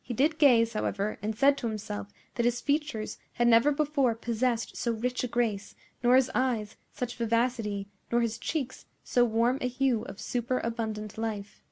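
A woman's voice: on the high side, fairly even intonation, a little mellow. A woman reading a classic tale aloud. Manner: measured storytelling. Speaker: audiobook narrator. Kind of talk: scripted narration.

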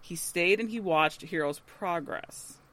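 Bright-voiced woman animatedly recapping. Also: lowish voice, measured pace. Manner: animated retelling with acted-out quotes and frequent laughs. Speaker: podcast co-host. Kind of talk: casual TV episode recap.

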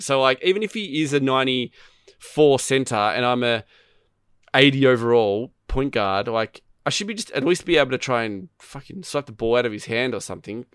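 Male podcast co-host, mid-pitched, rambling and profane, close dry sound. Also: normal speed, clean tone, no echo. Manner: rambling, profane, animated storytelling. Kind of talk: casual gaming chat.

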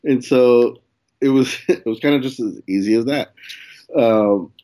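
A man's voice: mid-range voice, measured pace, dark tone. A young man, a comedian guest, telling a story in casual chat, swearing and acting out quoted lines. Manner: laid-back, swears, acts out quoted dialogue with laughs.

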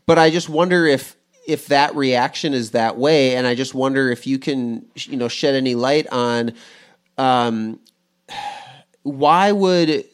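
A man's voice: mid-range voice, clean tone. A man in his forties asking questions in a casual talk, rambling and thinking aloud with many restarts. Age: 40s. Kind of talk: casual conversation.

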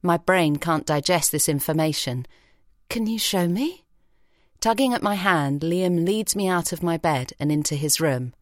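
A woman reading an audiobook story in a measured, expressive way in a recording studio. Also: sits low, dry recording. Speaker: audiobook narrator. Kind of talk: scripted narration. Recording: dry studio sound.

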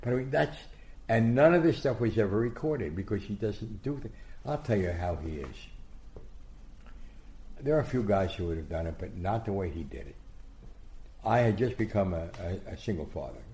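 An older man telling anecdotes as an interview guest, animated, acting out quotes and often restarting his sentences. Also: on the low side, moderate pace, long pauses, slight background noise. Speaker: guest storyteller. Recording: echoey room.

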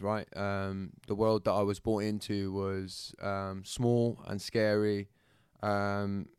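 A man with a Bristol accent, a podcast guest calmly telling his life story, thoughtful and halting with fillers. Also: fairly low pitch, clean tone, no room sound, clean studio sound. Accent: Bristol English. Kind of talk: reflective storytelling.

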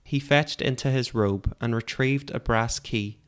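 A man narrating a fantasy story in a calm, measured audiobook style. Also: medium pitch, clean tone.

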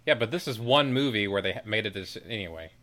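A man's voice: fairly low pitch, lively intonation, fast talker, bright, forceful tone. A man in casual chat, talking loosely and rambling a bit as a podcast co-host.

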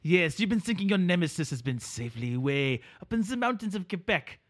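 A man's voice: fairly high pitch, lively intonation, a little fast, pushed and bright, slightly rough, exaggerated voice. A man voicing a gloomy, scornful French-Canadian nemesis in a comedic podcast bit, sneering and calling others fools.

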